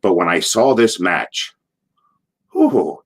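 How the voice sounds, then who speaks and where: A middle-aged man with a slightly low voice tells stories in a relaxed interview. He rambles through restarts and asides, and he acts out old shouts in a loud, stretched voice. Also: husky. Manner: animated, acts out quotes in a loud, drawn-out voice. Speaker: former wrestler being interviewed. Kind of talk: casual anecdotal storytelling.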